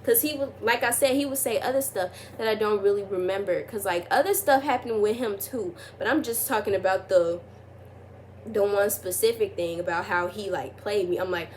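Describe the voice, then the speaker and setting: A young woman sits for a casual storytime and rambles through it, leaning on fillers and restarting her sentences. Her voice sits at a middling pitch and climbs when she retells her side of an argument. A faint hiss of noise lies under the recording. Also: brisk. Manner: rambling, heavy use of "like", restarts. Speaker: vlogger.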